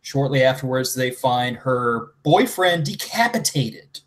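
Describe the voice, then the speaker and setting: A man's voice: mid-range voice, expressive, a little slow, fairly bright tone. A man speaking as a podcast guest in casual chat, blunt and crude in his jokes.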